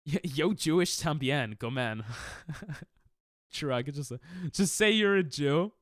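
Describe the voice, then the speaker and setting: A man's voice: on the high side, animated, slow, fairly bright tone, no echo, studio quality. A male streamer in casual chat with his viewers, defensive and laughing, rambling with restarts.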